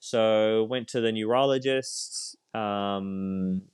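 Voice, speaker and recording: Smooth-voiced priest telling his story. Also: lowish voice, darkish tone, dry recording, clean studio sound. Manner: reflective, halting, with frequent fillers and light self-mocking laughs. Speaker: priest, guest on a podcast. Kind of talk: candid conversational storytelling.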